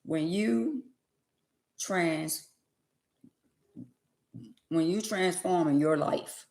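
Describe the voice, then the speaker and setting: Woman, lively storytelling vlogger, lowish voice, echoey room. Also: extremely slow. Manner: lively, preachy asides, dialect speech. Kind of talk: casual storytelling to viewers.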